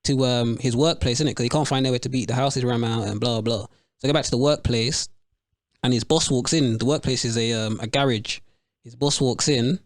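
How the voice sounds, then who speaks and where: A man's voice: mid-range voice, steady tone, a little fast, dry recording, clean studio sound. A man, hosting a casual podcast chat and telling stories in slang. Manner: slangy storytelling, mimics voices. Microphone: remote call, close mic.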